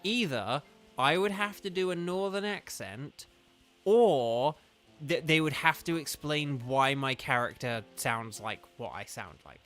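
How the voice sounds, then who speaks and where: This young man from southern England streams games, rambling casually with heavy use of "like" in his regional accent. He speaks unhurriedly, expressively and in a fairly high, fairly bright voice over soft background music.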